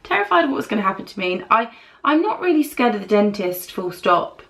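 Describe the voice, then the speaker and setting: A woman's voice: mid-range voice, expressive, fast talker. A young British woman vlogger telling a rambling story while doing her makeup, acting out other people's lines as she goes. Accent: British English. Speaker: beauty vlogger. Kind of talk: chatty get-ready-with-me storytelling.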